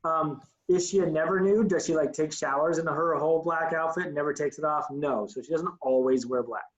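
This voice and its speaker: A man's voice: on the high side, a little fast, dull audio. A man teaching an acting class, coaching students and demonstrating lines aloud. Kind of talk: online acting class instruction.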